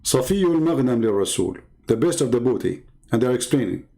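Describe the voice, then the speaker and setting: Combative man with a dark, mellow voice. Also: mid-range voice, sing-song, normal speed, gravelly, rough recording. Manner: combative, fires rhetorical questions; reads aloud and translates source texts. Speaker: live-stream religious debater. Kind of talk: heated live-stream argument.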